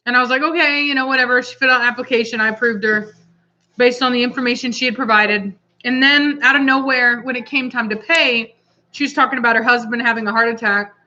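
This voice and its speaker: Texan woman, breeder co-host, bright voice, rambling storyteller, slightly dull recording. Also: on the high side, quick pace. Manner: rambling, animated storytelling with quoted asides. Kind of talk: casual chat.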